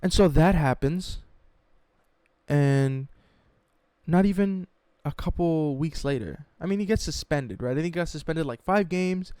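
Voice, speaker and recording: A man telling a sports story in a mocking, animated, profane way, as a sports YouTuber. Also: fairly high pitch, unhurried, clear, resonant tone, no echo, studio quality.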